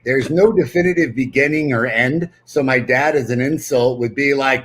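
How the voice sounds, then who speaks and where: A man co-hosting a podcast, telling stories with relaxed humor and slipping into quick voice impressions. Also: medium pitch. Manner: playful storyteller, mimics voices. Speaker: podcast co-host. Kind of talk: casual chat.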